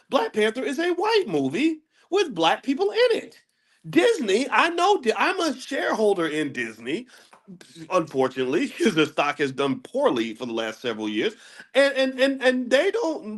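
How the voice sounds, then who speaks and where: A man of ordinary pitch holding forth in a relaxed livestream lesson. He hammers his points with rhetorical questions and stumbles over repeated words. When he gets worked up, his voice leaps sharply upward. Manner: emphatic, asks rhetorical questions; jumps to a high pitch when making a point. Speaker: host of a daily finance class. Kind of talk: casual livestream lecture.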